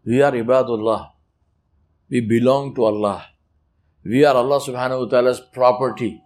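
A man giving a religious talk, emphatic and animated, acting out little quoted scenes. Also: medium pitch, moderate pace. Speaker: preacher.

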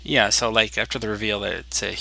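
A man's voice: on the low side, steady tone, fairly quick, creaky, pushed and bright, poor audio. An American man co-hosting a casual podcast chat, rambling and eager as he spins fan theories. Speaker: podcast co-host.

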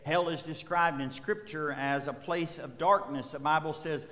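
Male pastor, slightly high voice, sermon with rhythmic repetition, long hall reverb. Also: fairly even intonation, normal speed, pushed and bright. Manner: preaching with swells of emphasis and repetition.

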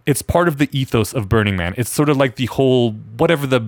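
A man's voice: mid-range voice, expressive, fast, gravelly, dry recording, clean studio sound. A man co-hosting a casual podcast conversation, talking in a chatty, enthusiastic way. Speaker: podcast co-host.

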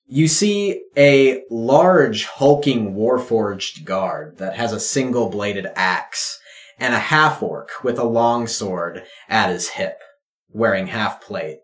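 Slow, deep-voiced man narrating as game master. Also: a bit bright. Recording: roomy echo.

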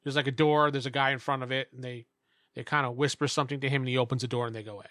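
A man's voice: medium pitch, fairly even intonation, racing, fairly bright tone, no echo, clean studio sound. A man narrating a tabletop game as game master in a casual, rambling way with lots of fillers. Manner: casual, filler-heavy description.

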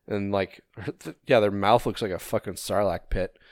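Laid-back, low-voiced man chatting. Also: fairly even intonation, measured pace, no room sound, studio quality. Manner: laid-back, swears often, many fillers. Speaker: podcast co-host. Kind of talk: casual chat.

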